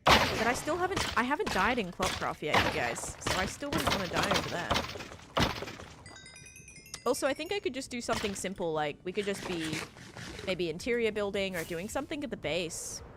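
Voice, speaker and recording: A young woman streamer chats casually while playing, reading her viewers' chat aloud and answering in a rambling, friendly way. Her mid-range voice is very animated at a moderate pace, and the recording is very noisy, with faint music behind her.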